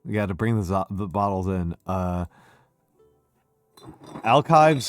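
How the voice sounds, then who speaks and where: A man's voice: low voice, animated, slow, long pauses, clear, resonant tone, soft background music. An older American man hosting a casual, tipsy drinking stream, rambling and self-deprecating, swearing freely. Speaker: streamer host.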